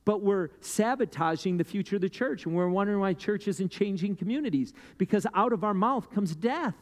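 A man preaching a sermon in a loose, conversational way, often checking in with "right?" and climbing in pitch and volume as he gets worked up. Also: expressive, fairly quick. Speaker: pastor. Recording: long hall reverb with guitar playing underneath.

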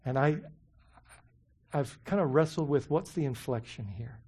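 A pastor delivers a sermon in an animated, conversational style, peppering listeners with questions and frequently saying "you know" and "right?". His mid-range voice is husky, moving at a measured pace.

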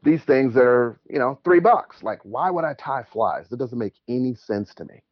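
A caller to a show, this man tells stories in a relaxed, chatty way, animated and quick to laugh. His voice sits at medium pitch, with no echo and the highs cut off.

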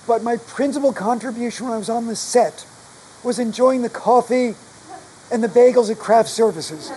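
A man's voice: very high voice, darkish tone, a little hiss or hum, low-quality recording. A man whose voice is damaged by long covid, telling stories as a guest author in a chatty, self-deprecating way. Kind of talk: casual storytelling in a live conversation.

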